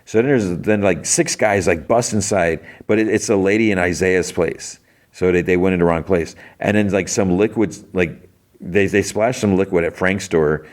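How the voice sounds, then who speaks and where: A man's voice: low voice, normal speed. A man hosting a podcast, casually retelling a TV episode in a rambling way full of fillers. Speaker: podcast host.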